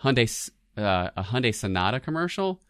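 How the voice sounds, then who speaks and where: A man's voice: medium pitch, big pitch swings, brisk, fairly bright tone, clean tone, no echo, clean studio sound. A man co-hosting a casual chat show about commercials, talking in a chatty way with easy laughs and many restarts. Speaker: podcast co-host.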